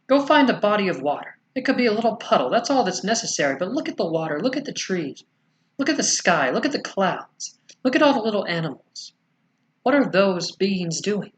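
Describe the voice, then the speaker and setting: A man channeling a spiritual message as a collective "we", speaking slowly and soothingly with gentle rhetorical questions. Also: high-pitched. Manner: slow, soothing, rhetorical questions ending in "yes?".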